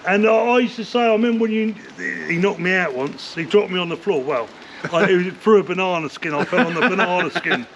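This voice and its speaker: An older man, telling rough stories from his past in a rambling interview, swearing often and filling gaps with "like, you know.". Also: high voice, brisk, crowd noise. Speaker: interview guest, former bare-knuckle fighter. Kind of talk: casual storytelling interview. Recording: dull lo-fi sound with faint noise.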